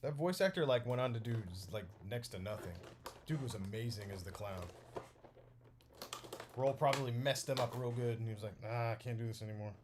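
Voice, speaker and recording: Brief: young male vlogger, mid-pitched, casual excitable unboxing chatter, light background hiss. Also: brisk. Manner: rambling and excitable, full of fillers like "like".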